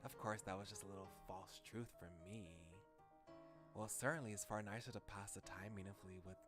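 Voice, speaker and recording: A man's voice: lowish voice, fairly even intonation, brisk, music in the background, natural voice. A man reading a smug, teasing schoolboy. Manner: sly, self-satisfied teasing.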